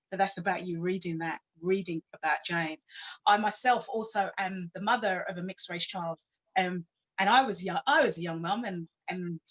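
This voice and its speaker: A woman tells a story to a conference audience, her pitch sitting in an ordinary middle range. She keeps it conversational and informal, with frank personal asides and self-deprecating humor. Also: fairly bright tone, low-quality recording. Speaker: conference speaker. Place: church hall.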